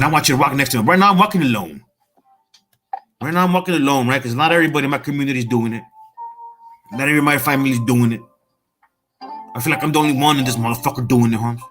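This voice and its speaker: A man's voice: medium pitch, fast, pauses often, a bit bright, soft background music. A middle-aged man from Salinas, giving a fired-up, profane motivational monologue and calling the listener "homie.". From Salinas, California. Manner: streetwise, profane, repeats "homie" and "Holmes". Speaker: motivational speaker.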